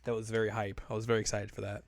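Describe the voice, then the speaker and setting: A man's voice: lowish voice, completely flat delivery, racing, vocal fry, no echo. A man co-hosting a podcast, recapping in a rambling, filler-heavy casual chat. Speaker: podcast co-host.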